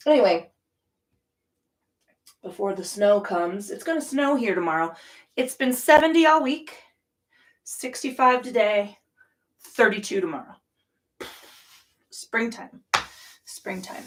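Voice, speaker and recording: A woman's voice: mid-range voice, animated, measured pace, pauses often, far from the mic. A middle-aged woman hosting a yoga channel, chatting casually in a profane, rambling, ranting way. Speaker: yoga studio owner and host. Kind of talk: casual chat.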